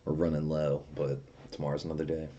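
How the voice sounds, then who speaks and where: A man's voice: very deep voice, completely flat delivery, quick pace, dark tone, muffled recording, a little hiss or hum. A young man casually chatting on a livestream, reading viewer comments aloud and telling profane stories with frequent laughter. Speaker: streamer.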